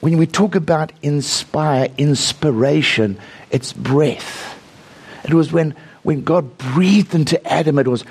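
A man's voice: fairly high pitch, expressive, slow, gravelly, darkish tone, slightly rough. A man preaching a sermon, telling stories and praying aloud with rising fervor. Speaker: visiting preacher.

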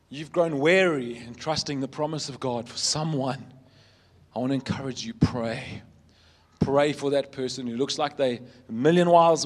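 A man, a pastor, preaching a sermon with earnest storytelling, emphatic repetition, and shifts between loud emphasis and soft, quiet passages. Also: medium pitch.

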